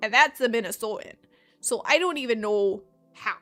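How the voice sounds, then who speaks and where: A woman's voice: on the high side, normal speed, fairly bright tone, soft background music. A young woman hosting a let's play, chatting casually and rambling with lots of filler as she plays. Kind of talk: casual gameplay commentary.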